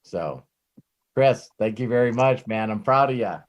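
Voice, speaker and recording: A man giving an off-the-cuff motivational talk as a network marketing trainer, rambling and animated, swearing freely and often breaking off and restarting his sentences. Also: mid-range voice, measured pace, lo-fi sound. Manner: frequent restarts and self-interruptions.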